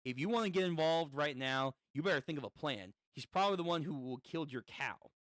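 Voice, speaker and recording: A man's voice: fairly high pitch, animated, a little fast, a bit bright, no room sound, studio quality. A man reading the lines of a blunt young male racer from a manga who urges his partner to leave. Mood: urgent.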